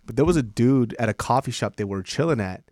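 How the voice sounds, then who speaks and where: Male comedy podcast co-host, very expressive pitch, swears freely, bursts into laughter, dry close mic. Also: fast talker, no room sound. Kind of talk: casual comedy podcast chat.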